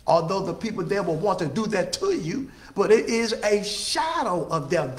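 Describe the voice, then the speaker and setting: A man's voice: high-pitched, roomy sound. A man preaching a sermon with call-and-response, stretching out his key phrases for emphasis.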